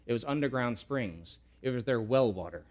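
A pastor preaches a sermon earnestly, repeating key words for emphasis and growing loud when he quotes pleas. His mid-range voice has lively intonation at a normal speed.

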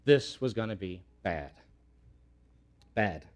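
A man's voice: sits low, animated, slow pace. Earnest male preacher. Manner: earnest preaching, swelling loud when quoting pleas; repeats key words for emphasis. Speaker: pastor. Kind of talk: sermon.

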